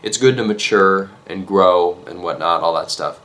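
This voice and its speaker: Deep-voiced man, earnestly gushing. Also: fairly bright tone. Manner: earnest, mock-emotional, halting with restarts. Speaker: vlogger. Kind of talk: comic storytelling vlog.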